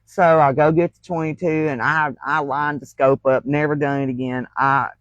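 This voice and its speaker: A woman's voice: low-pitched, fairly even intonation, moderate pace, dry recording, muffled recording. A woman, hosting a crafting livestream and telling folksy stories with frequent laughter. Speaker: crafting channel host. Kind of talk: casual livestream storytelling.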